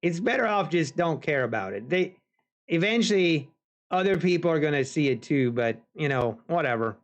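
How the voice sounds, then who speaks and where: Animated and somewhat high-pitched, this man streams futures trading live. He talks casually with his chat and addresses the market directly, with stretched-out pauses along the way.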